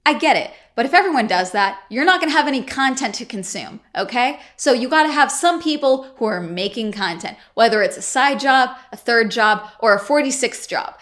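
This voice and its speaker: Woman vlogger, worked-up, exasperated, swearing, fairly high voice. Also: animated, brisk, few pauses, a bit bright. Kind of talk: casual ranting vlog.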